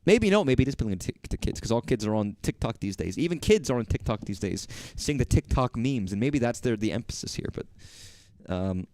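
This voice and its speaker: A man's voice: medium pitch, sing-song, brisk, a little mellow, no echo. A man from Texas streaming, rambling casually, joking and swearing as he talks.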